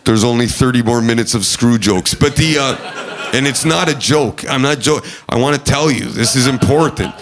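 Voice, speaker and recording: A young man doing a stand-up comedy set, neurotic and rambling, with loud outbursts when acting out angry people. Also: mid-range voice, moderate pace, crowd noise. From Canada. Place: comedy club stage.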